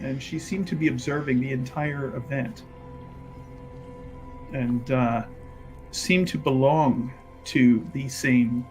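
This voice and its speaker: A man voicing a courtly companion in a tabletop game, speaking in a halting, rambling way. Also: medium pitch, close to an everyday voice. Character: hesitant courtly companion addressing a prince.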